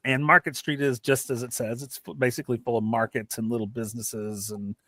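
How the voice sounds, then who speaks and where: A man running a tabletop game as game master, chatty and loose, laughing often and filling pauses. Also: mid-range voice, little pitch movement, a bit bright, dry recording. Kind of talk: narrating a tabletop game over a live stream.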